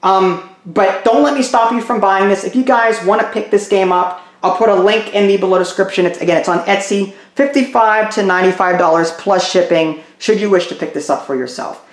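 A hoarse man with a sick-sounding voice talks through a frank game review, circling back and repeating words as he weighs his points. His voice carries a noticeable room echo. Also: high-pitched, a little fast, few pauses. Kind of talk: casual spoken review. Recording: roomy echo.

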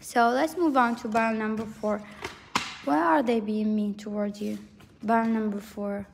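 A woman's voice: fairly high pitch, steady tone, normal speed, gravelly, big-room sound, a little hiss or hum. A woman giving a pick-a-card tarot reading in a rambling, intuitive way, full of fillers and frequent laughs. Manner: intuitive, earnest, laughs often. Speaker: tarot reader.

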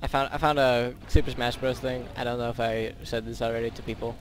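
A man's voice: mid-range voice, steady tone, fast, slight background noise. A teenage boy giving rambling, goofy commentary over a game he is playing, with silly sound effects. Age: teens. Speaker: gaming YouTuber. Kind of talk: casual gameplay commentary.

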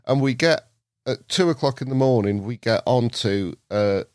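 Male podcast guest, English, lively storyteller who does voices, dry studio sound. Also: medium pitch, normal speed, dry recording. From England. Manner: lively, acts out voices in his stories, laughs often. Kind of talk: anecdotal storytelling.

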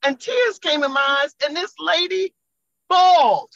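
Bright-voiced woman giving an animated testimony. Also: high-pitched, moderate pace, creaky, muffled recording. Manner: animated, laughs often while telling. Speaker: church member giving a testimony. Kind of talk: emotional testimony storytelling. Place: in a car on the highway.

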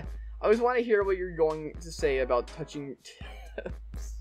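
Young male vlogger, 20s, mid pitch, very lively inflection, giggly, reading fan letters with faint music behind. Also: measured pace. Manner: expressive, laughs often, swings from excited squeals to soft, touched tones. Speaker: YouTuber opening fan mail. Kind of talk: casual fan-mail reading.

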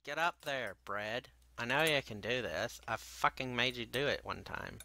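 A man giving frustrated gameplay commentary, muttering to himself and swearing constantly, with bursts of angry yelling. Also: medium pitch, moderate pace, vocal fry, a little hiss or hum. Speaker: gaming video creator.

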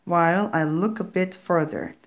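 A woman's voice: fairly low pitch, normal speed, close to an everyday voice. Woman reading as a firm, caring mother. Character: caring mother warning her daughter.

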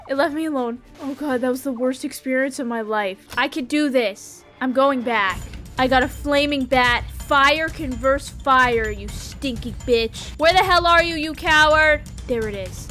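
A young woman commentating her own gameplay at a desk mic, with a high, bright and forceful voice. She gets excitable, begs the characters on screen, and curses freely. Soft music plays faintly underneath. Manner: excitable, pleading and cursing at the game. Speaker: gaming YouTuber.

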